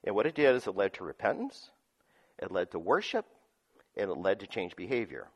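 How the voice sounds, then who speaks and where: Animated preaching man. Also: on the low side, a little fast, breathy edge. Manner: animated, swings between loud emphasis and quiet asides, chuckles often. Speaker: pastor. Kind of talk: sermon.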